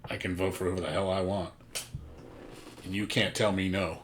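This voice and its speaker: A man's voice: deep voice, level tone, moderate pace, a bit bright, slight background noise. A man streaming a game, chatting casually with a blunt, profane, ranting manner. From United States. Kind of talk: casual chat.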